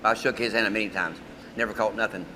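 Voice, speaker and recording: A man's voice: fairly low pitch, fairly even intonation, fast talker, noisy background. An older man from Florida, chatting on a festival cooking stage in a folksy, joking way. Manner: folksy, joking, laughs easily. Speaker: chef guest. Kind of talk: casual stage chat.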